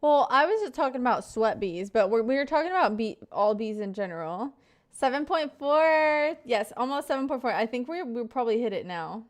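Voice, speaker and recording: A woman's voice: on the high side, expressive, quick pace, hardly any pauses. A young woman in her twenties chatting casually on a live stream, greeting viewers by name and rambling through stories.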